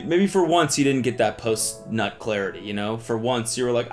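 A man hosting comedic commentary, animated and exaggerated, swearing freely. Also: mid-range voice, a little fast, hardly any pauses, faint music behind. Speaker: comedy host.

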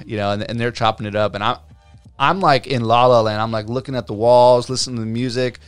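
A mid-range, smooth voice comes through fast with no echo. The speaker, a tattoo artist guest in his thirties, animatedly narrates his story casually, acting out what others said and using many fillers.

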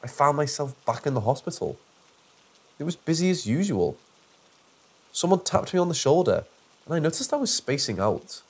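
A man narrating a first-person horror story in a steady, measured reading voice. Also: fairly high pitch, slightly rough.

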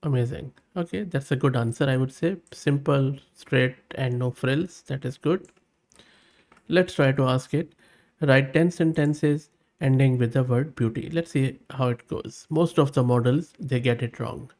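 A man hosting a screen-recorded software tutorial, thinking aloud as he runs tests, reading prompts and outputs aloud, and giving upbeat, plain-spoken verdicts. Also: medium pitch, unhurried, gravelly. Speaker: tech channel host.

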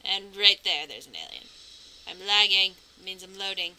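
A woman's voice: mid-range voice, big pitch swings, moderate pace, bright, forceful tone, a little hiss or hum, rough recording. A woman commentating her game playthrough, chatty and narrating her moves, with nervous reactions. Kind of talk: let's play commentary.

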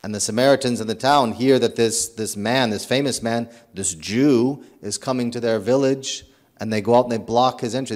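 A priest delivers a sermon in an earnest, storytelling manner. He is a man of average pitch who stumbles into restarts and repeats words as he works through his thoughts. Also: moderate pace. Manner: earnest, animated storytelling with acted quotes.

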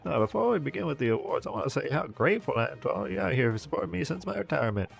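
A man putting on a vain old TV showman, lifted higher than his own gravelly voice. He hosts with a smarmy, pompous patter. Faint game music plays under him. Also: very animated, racing, heavily acted. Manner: showbiz compere patter, pompous. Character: smarmy aging male TV host, vain and self-pitying.

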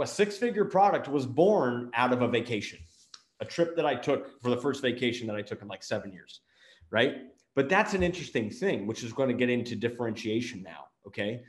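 A middle-aged man delivers a motivational business talk to camera with energy, firing off one rhetorical question after another. His voice sits at an ordinary male pitch and bounces around a noticeably echoey room. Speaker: marketing agency owner and show host.

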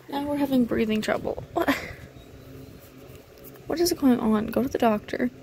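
A woman casually narrating her gameplay, muttering menu commands aloud and sighing now and then in mild exasperation. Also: sits high. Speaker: gaming video creator. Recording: noisy background hiss.

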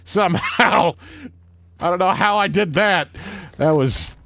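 A man giving casual gameplay commentary, animated and swearing, often shouting at the game and mocking himself. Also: sits high, unhurried, gravelly, no echo. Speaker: let's play host.

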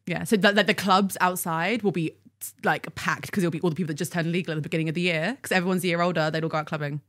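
A young woman guesting on a podcast, talking quickly in a fairly low voice. She chats casually and laughs often. Her tone is relaxed and conversational.

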